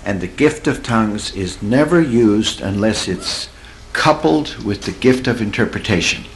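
Man, sermon, conversational and folksy, lively up-and-down delivery, drawn-out emphasis. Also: a little hiss or hum, poor audio. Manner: conversational, folksy, laughs at own stories; drawls and slows for emphasis, swoops in pitch. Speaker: preacher. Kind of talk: sermon teaching.

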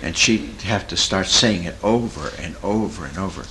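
A man's voice: low voice, normal speed, slight background noise, low-quality recording. A Christian therapist, a man, tells a story from his practice in a folksy, earnest way. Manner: folksy, earnest, animated retelling. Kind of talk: storytelling talk.

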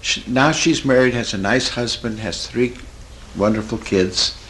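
A man's voice: mid-range voice, unhurried, a little hiss or hum, rough recording. A Christian therapist, a man, tells a story from his practice in a folksy, earnest way. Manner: folksy, earnest, animated retelling. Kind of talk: storytelling talk.

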